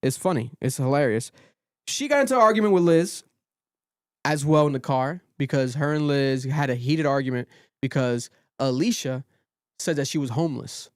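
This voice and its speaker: A man hosting a podcast, recapping a reality show in animated casual chat and swearing freely. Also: medium pitch, moderate pace. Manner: animated storytelling, swears freely, quotes people in raised voices. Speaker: podcast host.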